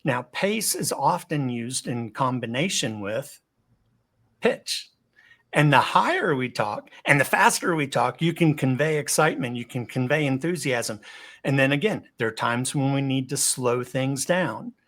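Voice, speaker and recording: A man speaking as a guest on a video-call webinar, in a medium voice that keeps moving. He speeds up and climbs in pitch for excitement, then drops low and soft for serious points, often stumbling on a doubled word before he goes on. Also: a little slow. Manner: animated, varies pace, pitch and loudness for emphasis; repeats words when starting a thought. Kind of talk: instructional webinar talk.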